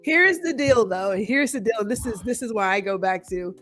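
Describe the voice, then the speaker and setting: A woman's voice: mid-range voice, brisk, faint music behind. Chatty woman podcast host. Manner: chatty, animated, reads viewer comments aloud. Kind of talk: casual interview chat.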